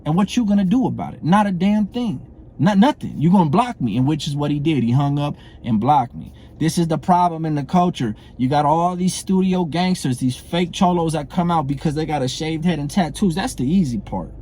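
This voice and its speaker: Heated man, mellow tone. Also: a little high, expressive, fairly quick, slight background noise. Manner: heated, blunt, profane, repeats phrases and asks "you know what I'm saying". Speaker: former prison inmate calling out a comedian. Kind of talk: confrontational monologue to camera.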